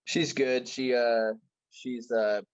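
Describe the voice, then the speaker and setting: A young adult man, a guest on a podcast, tells stories in a casual, profane, animated way, acting out the dialogue of the people involved. His medium-pitched voice is slow and clean, though the dry recording sounds dull.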